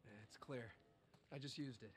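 A man's voice: mid-range voice, normal speed, lightly acted. Man playing an offhand smuggler contact. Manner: casual, offhand. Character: easygoing adult male smuggler contact. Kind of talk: video game dialogue. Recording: game audio with clear ambient noise.

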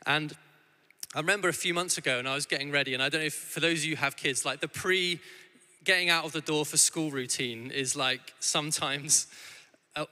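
A man in his thirties preaches with a very bright, forward voice that sits a little high. He talks in a loose, conversational way, often restarting his sentences. The sound carries a long church-hall reverb. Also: a little fast. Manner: warm conversational storytelling with frequent restarts. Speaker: guest preacher. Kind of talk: sermon.

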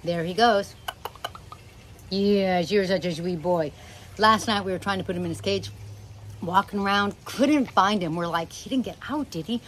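This middle-aged channel host talks casually to camera about her parrots at home, affectionate and rambling, occasionally stopping to speak to the birds themselves. Her medium-pitched, slightly bright voice keeps a fairly even intonation at a measured pace with long pauses, and the poor audio carries a little hiss or hum.

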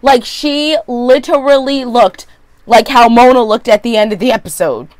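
A woman's voice: a little high, darkish tone, no echo. Sassy woman doing a TV recap vlog. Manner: sassy, opinionated, rapid asides. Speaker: vlogger.

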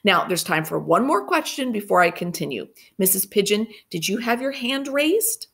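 A woman's voice: mid-range voice, sing-song, moderate pace, vocal fry, fairly bright tone, breathy edge, full character voice. A woman voicing a confident, bossy little schoolgirl who tells stories to her class in a firm, precise way. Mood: self-assured. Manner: firm, precise, self-assured.

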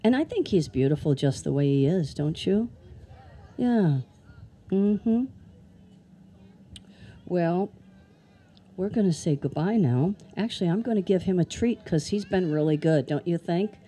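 At an outdoor amphitheater, a woman presents animals at a live educational show for children, chatty and playful, asking the kids plenty of questions. Her voice is fairly low, warm and expressive with a breathy edge, unhurried, with long pauses.

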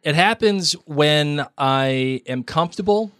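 A man's voice: fairly high pitch, lively intonation, takes it slowly, fairly bright tone, dry recording. A man from Massachusetts co-hosting a podcast in casual chat, jokey and laughing often. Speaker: podcast co-host.

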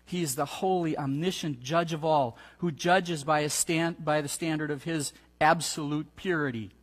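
A male pastor delivering an earnest Easter sermon, reading scripture aloud in a slow, measured way. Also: fairly high pitch, big-room sound. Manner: earnest preaching, reads scripture aloud slowly.

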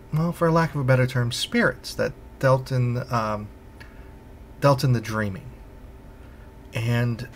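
A man voicing a calm woman mystic who earnestly and patiently explains her bond with a dream spirit. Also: medium pitch, a little hiss or hum.

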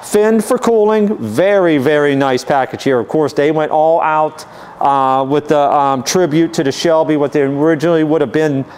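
Male dealer host, steady unhurried walkaround patter, clear smooth tone, slightly high pitch. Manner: easygoing, methodical, many "um" and "uh" fillers. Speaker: car dealer walkaround presenter. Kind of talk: casual vehicle walkaround narration.

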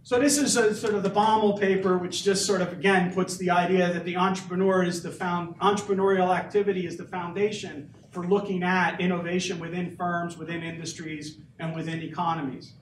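Male professor, high-pitched, conversational lecture style, recorded from a distance in a lecture hall with faint background noise. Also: level tone, a little fast, hardly any pauses. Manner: conversational, asks the audience questions. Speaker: economics professor. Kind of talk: university lecture. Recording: echoey hall, mic from a distance.

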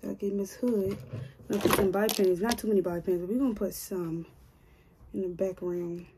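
A woman's voice: medium pitch, a little fast, noisy background. A woman chatting casually to her viewers while doing her own hair, joking and grumbling to herself as she goes. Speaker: hair vlogger.

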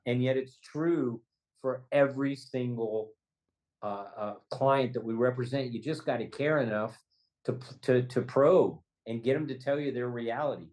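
A man's voice: mid-range voice, a little mellow, rough recording. A man, a trial lawyer and podcast guest, telling a story with emotion and stumbling over repeated words. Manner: halting, repeats words, gets choked up. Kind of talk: emotional storytelling in a remote interview. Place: Los Angeles, remote.

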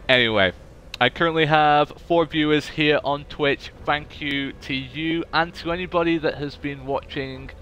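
Excitable young streamer, cheap mic. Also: male voice, mid-range voice. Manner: chatty, excitable, thanking viewers. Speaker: gaming streamer. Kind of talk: casual live-stream chatter. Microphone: cheap desk microphone.

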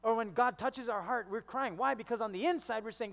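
A male pastor delivering a sermon with a fairly high voice, and he slips into the voices of the people in his stories. His words carry a long reverb from the church hall. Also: brisk, few pauses, fairly bright tone. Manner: storytelling, acts out quoted voices.

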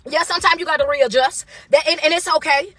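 A woman's voice: sits high, fast talker, sharp tone, no echo. Emphatic forty-something woman life coach. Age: 40s. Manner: preachy, emphatic, calls listeners baby. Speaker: motivational speaker and life coach. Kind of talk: motivational monologue.

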